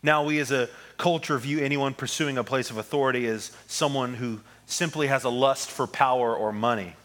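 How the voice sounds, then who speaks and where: A man preaching to his congregation in a relaxed, conversational way, at an ordinary middle pitch. He takes scripture slowly and pauses between lines. He talks to the room as if to friends. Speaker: pastor. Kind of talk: sermon. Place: church sanctuary with congregation.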